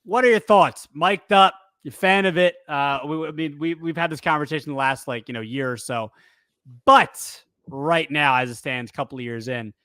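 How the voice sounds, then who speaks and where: A man's voice: on the high side, moderate pace, sharp tone, smooth, dry recording, clean studio sound. A man co-hosting a casual sports podcast, talking loosely with lots of fillers, restarts and self-corrections. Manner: rambling, frequent fillers and restarts. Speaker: podcast co-host.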